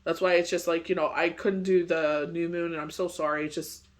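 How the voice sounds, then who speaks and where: A man's voice: on the high side, level tone, a little fast. A man giving a casual daily tarot reading, rambling with lots of "you know" and "it's just like", still getting over a bad cold. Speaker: tarot reader.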